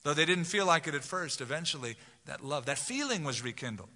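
A man's voice: a little high, lively intonation, fairly quick, pushed and bright. A man preaching a sermon as pastor, talking to the congregation conversationally and acting out quoted voices. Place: large church sanctuary. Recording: long hall reverb.

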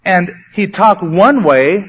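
Male pastor preaching, fairly high voice, chatty and sometimes animated delivery, muffled lo-fi recording. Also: takes it slowly, husky. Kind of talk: sermon. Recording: dull lo-fi sermon recording.

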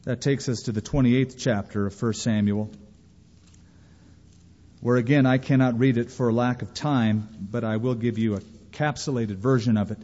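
A man's voice: medium pitch, dark tone. A man preaching a sermon as pastor, emphatic storytelling and quoting scripture. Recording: reverberant, dull lo-fi hall recording.

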